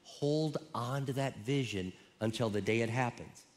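A man preaching a sermon as a pastor, telling stories with lively quoted voices. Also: mid-range voice, normal speed, slight background noise. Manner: animated storytelling, acting out quoted voices. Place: church auditorium. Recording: reverberant church hall.

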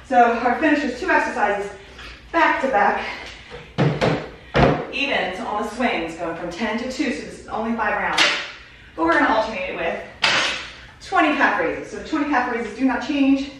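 A woman's voice: fairly high pitch, animated, normal speed. A woman fitness instructor counting reps aloud and giving short cues as she works out, out of breath. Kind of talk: workout instruction. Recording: very echoey room, voice far from mic, faint noise.

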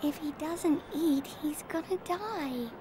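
Pleading orphan girl, high and earnest, game audio with noise. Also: slow pace.

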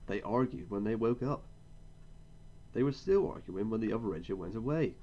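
A man narrating a storybook in an expressive, measured way. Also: fairly low pitch, dull audio.

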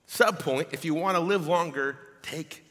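A man's voice: on the high side, measured pace. Preaching man in a reverberant church. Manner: animated preaching, reading scripture aloud. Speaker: pastor. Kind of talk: sermon. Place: church sanctuary. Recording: long hall reverb.

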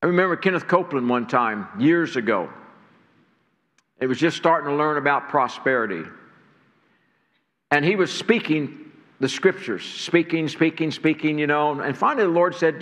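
A man's voice: on the high side, animated, moderate pace, fairly bright tone. A man preaching a sermon to a church congregation, earnest and stirring, often repeating words as he builds. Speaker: pastor. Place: church sanctuary. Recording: long hall reverb.

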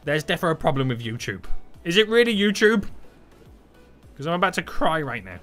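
Excitable gaming streamer, lively pitch. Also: male voice, moderate pace, soft background music. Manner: excitable and playful, hums and exclaims. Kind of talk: live gameplay commentary chatting with viewers.

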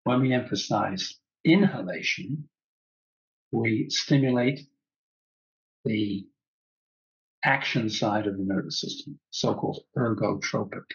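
A man leading a guided breathing class, giving calm, soothing instructions at an unhurried pace. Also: on the low side, slightly rough, dull audio. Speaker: breathwork teacher.

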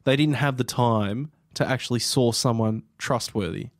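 A man's voice: medium pitch, moderate pace, no echo, studio quality. A man co-hosting a movie podcast, explaining his views at length in a casual chat. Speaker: podcast co-host.

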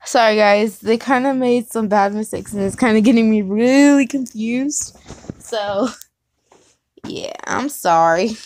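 A woman's voice: on the high side, unhurried, a little mellow. Giggly woman reading fan fiction aloud. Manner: casual, giggly, stops to correct herself. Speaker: reader.

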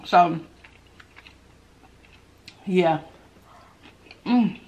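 A woman's voice: fairly low pitch, very slow, a little mellow, slight background noise. A woman hosting a mukbang eating show, chatting casually to her viewers between bites and laughing often. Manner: chatty, giggly, talks to viewers while eating. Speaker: mukbang host.

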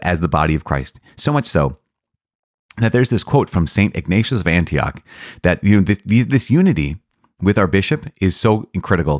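A man, a priest, explaining the Catechism in an earnest, enthusiastic way, often restarting phrases and laughing softly. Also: low voice, dry recording, studio quality. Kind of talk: podcast teaching.

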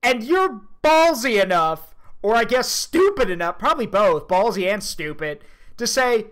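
A man's voice: very high-pitched, expressive, unhurried, pushed and bright. Casual laughing male streamer. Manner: laughing, rambling, swears casually. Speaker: streamer reacting to a video. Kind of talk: casual reaction commentary.

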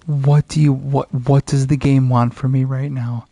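A man's voice: medium pitch, little pitch movement, unhurried, dark tone, no echo. A man giving profane, frustrated commentary while playing a video game. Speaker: gaming streamer. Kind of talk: casual let's play commentary.

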